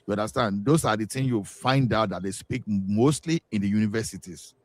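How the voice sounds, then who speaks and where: A man's voice: lowish voice, a little fast, dry recording. A man with a Nigerian accent chatting casually on a panel, telling stories with lots of restarts. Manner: animated storytelling with repeated restarts.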